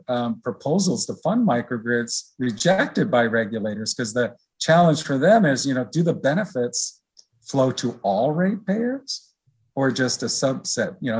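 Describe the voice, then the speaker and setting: A middle-aged man as an interview guest, explaining in a relaxed, rambling way with many fillers. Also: medium pitch, slightly rough. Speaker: research director guest. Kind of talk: conversational interview.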